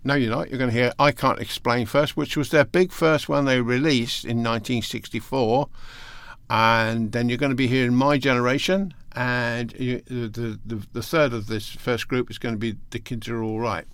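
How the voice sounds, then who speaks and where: A man's voice: mid-range voice, steady tone, normal speed, a bit bright, smooth, dry recording. A man presenting a casual music show, hesitant and rambling, losing his place in his notes and reading facts out between asides. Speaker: radio presenter.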